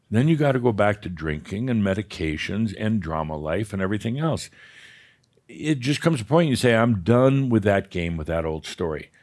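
Male spiritual teacher, lower voice, live workshop, blunt and profane, laughs often. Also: a little mellow. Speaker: spiritual teacher leading a session. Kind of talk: live workshop talk with audience.

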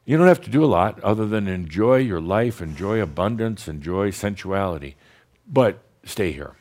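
A man's voice: on the low side, lively intonation, darkish tone. Blunt, teasing man giving spiritual talk. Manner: blunt, teasing, slows down for guided breathing pauses. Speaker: spiritual teacher channeling a master. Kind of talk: channeled spiritual talk to an audience.

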